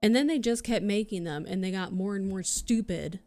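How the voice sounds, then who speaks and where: Woman, streamer, casual livestream chat, ranting, lots of swearing, mid-pitched voice. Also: moderate pace, darkish tone, soft background music.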